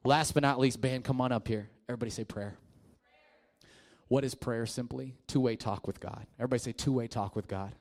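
A man preaching to a youth group in a casual, conversational way, sometimes dropping to a hushed voice for a story. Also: medium pitch, fairly even intonation, a little fast. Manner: casual and conversational, with fillers and restarts; drops to a quiet, hushed voice in the story. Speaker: youth pastor.

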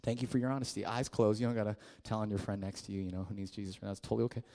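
Man, youth pastor, low-set voice; loose, chatty sermon delivery, goes quiet for stories. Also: level tone, racing. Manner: casual and conversational, with fillers and restarts; drops to a quiet, hushed voice in the story.

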